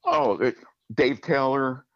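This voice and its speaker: A man's voice: mid-range voice, wildly swooping pitch, slow, vocal fry, fairly bright tone, dry recording, highs cut off. A man speaking as an interview guest, telling a story with lots of fillers and restarts while he searches for words. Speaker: guest, arranger and musician.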